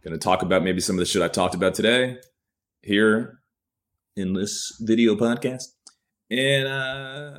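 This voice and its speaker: A man's voice: on the low side, measured pace, pauses often, fairly bright tone. A man who is a stand-up comedian, talking candidly and rambling in a solo video podcast, self-deprecating and swearing freely.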